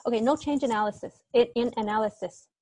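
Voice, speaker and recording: A young woman works through a grammar lesson over a computer mic. Her voice sits a little high and sounds dry and close. She hesitates, restarts and apologizes as she explains. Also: fast talker, darkish tone, dry recording. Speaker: teaching assistant. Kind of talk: online grammar tutorial.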